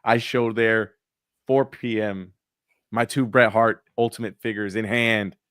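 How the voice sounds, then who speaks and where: A man's voice: on the low side, steady tone, unhurried, a bit bright, smooth, no echo, clean studio sound. A man from California chatting casually on a podcast, telling stories in a laid-back way and swearing freely. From Sacramento, California. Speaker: podcast co-host. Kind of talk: casual chat.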